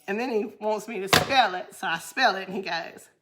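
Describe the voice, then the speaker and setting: Heavy noise surrounds this Southern-accented woman, who speaks at medium pitch and normal speed. Hosting a crafting livestream, she chats easily with her audience, reading comments out loud and laughing frequently.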